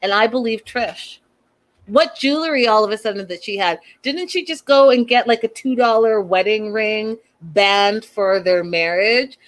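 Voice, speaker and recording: A woman in casual chat, recapping a reality show in a gossipy, animated way and quoting the cast as she goes. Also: mid-range voice, measured pace. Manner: chatty, gossipy, animated retelling with quoted lines.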